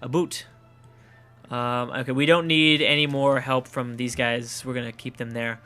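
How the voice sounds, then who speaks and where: A man's voice: mid-range voice, flat delivery, moderate pace, bright, forceful tone, faint music behind. A Canadian man with a Canadian accent, casually commenting on his own strategy game play, thinking aloud and swearing at setbacks. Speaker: let's play gamer.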